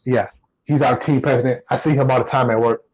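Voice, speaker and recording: A man co-hosting a casual sports podcast, relaxed and repeating himself as he thinks. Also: mid-range voice, fast, highs cut off. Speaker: podcast co-host.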